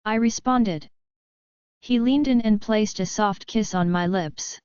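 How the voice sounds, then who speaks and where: A woman reading a romance audiobook in steady first-person narration. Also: mid-range voice, takes it slowly, clear, resonant tone, no room sound, lo-fi sound.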